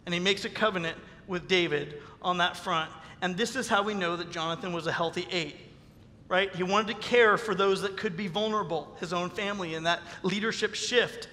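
A man preaching a sermon as pastor, animated, acting out the voices of the people he quotes. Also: high voice, brisk. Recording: long reverb of a hall.

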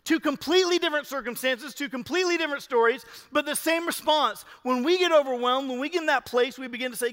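A male pastor preaching a sermon in a church, animated, swinging between loud urging and hushed emphasis. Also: very high-pitched, fast, few pauses. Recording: long reverb of a large hall.

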